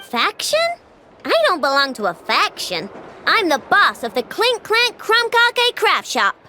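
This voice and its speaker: A woman's voice: very high-pitched, big pitch swings, unhurried, noisy background, full character voice. An actress playing a spirited young woman who runs a craft shop in a video game, talking in a blunt, cheeky way. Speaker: game character. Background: music.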